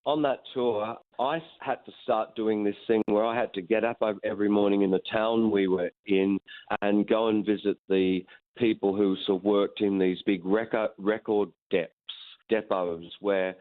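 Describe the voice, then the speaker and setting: A middle-aged man talks over a thin, tinny phone connection. His voice sits low, and his storytelling is candid and meandering, with casual swearing. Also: steady tone, moderate pace. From Australia. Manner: frank, swears freely, rambling. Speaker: musician guest.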